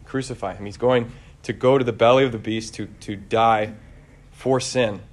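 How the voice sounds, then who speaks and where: A man preaching a conversational homily, relaxed and searching, with frequent fillers and restarts. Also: medium pitch, moderate pace.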